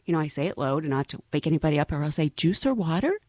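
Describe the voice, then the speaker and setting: A woman who works as a flight attendant, telling funny work stories in a casual, animated way and laughing often. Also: sits low, very fast, no room sound.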